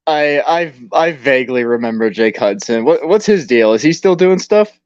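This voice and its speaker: A man on a podcast, speaking slowly and hesitantly. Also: mid-range voice, animated, darkish tone, no room sound. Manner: slow and hesitant. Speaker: podcast guest. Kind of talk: casual chat. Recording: dull, dry lo-fi audio.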